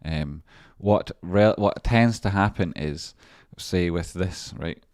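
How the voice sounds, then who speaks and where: A man's voice: low-pitched, slow pace, a little mellow, dry recording, clean studio sound. A man hosting a trading livestream, talking casually through charts in a rambling, profane way with chatty asides to viewers. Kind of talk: casual live-stream chart commentary.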